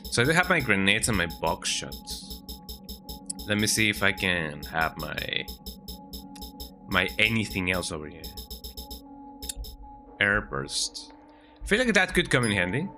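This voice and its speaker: With music in the background, a man with a lowish voice talks unhurriedly and leaves long pauses while streaming a video game. At home, cat on his lap, he's chatty and lively with viewers and often ends sentences with "eh?".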